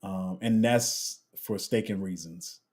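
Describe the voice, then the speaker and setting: Young guy doing a live q&a, slangy and chatty, kinda dark mellow tone. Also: sits low, takes it slowly, husky. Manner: chatty, slangy, trails off and restarts while multitasking. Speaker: crypto livestream host. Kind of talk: casual live Q&A, reading chat.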